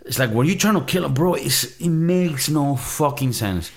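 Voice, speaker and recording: A man's voice: a little high, animated, moderate pace. A man hosting a movie review show, ranting in a casual, profane, exasperated way.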